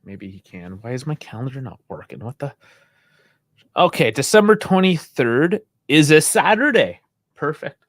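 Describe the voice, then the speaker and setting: A man co-hosting a casual sports live stream, relaxed and laughing often, on a close mic. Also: on the high side, moderate pace, dry recording. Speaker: podcast co-host.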